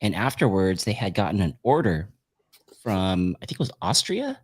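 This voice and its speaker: A man hosting a casual podcast, upbeat and quick to laugh as he takes calls. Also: low voice, very animated, slightly rough. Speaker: podcast host.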